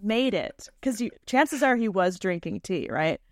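A woman co-hosting a podcast, chatting casually with giggly, quick reactions. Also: mid-range voice, animated, no room sound, clean studio sound. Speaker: podcast co-host. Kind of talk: casual chat.

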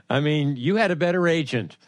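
A man's voice: on the high side, expressive, moderate pace, dry recording. A man hosting a casual interview who laughs often and does impressions of people he knows. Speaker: podcast host.

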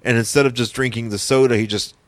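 A man's voice: medium pitch, steady tone, fast, no room sound. A man co-hosting a podcast, recapping a comic in rambling casual chat that often restarts its sentences. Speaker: podcast co-host.

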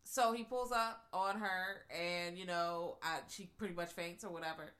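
Brief: woman co-host, bright clear tone, swearing, expressive movie recap. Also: on the low side, normal speed. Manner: profane, expressive storytelling. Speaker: podcast co-host. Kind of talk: casual movie recap chat.

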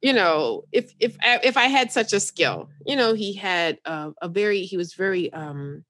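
A woman's voice: medium pitch, expressive, normal speed, fairly bright tone, no room sound. A woman from New York speaks as a podcast guest in a mid-range voice, telling a personal story with candid animation and easy laughter. The sound is dry and close, with no room around her. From New York, United States. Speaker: psychotherapist guest.

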